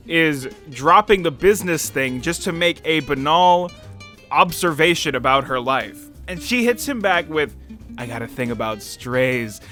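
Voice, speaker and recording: A man's voice: sits high, bright, forceful tone. A young man giving a casual, rambling film review, full of "like" fillers and frequent laughter. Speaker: movie reviewer.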